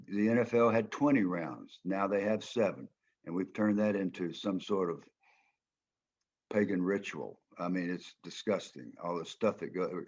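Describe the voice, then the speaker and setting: Older man, Southern American accent, low husky voice, emphatic folksy storytelling, muffled lo-fi recording. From Georgia, United States. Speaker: former football player and coach, guest speaker. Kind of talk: storytelling talk.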